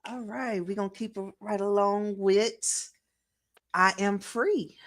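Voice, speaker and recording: Woman open mic host, encouraging and drawn-out, over steady background noise. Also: mid-range voice. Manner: hyping up performers, drawn-out calls. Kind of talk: casual hosting of an online open mic.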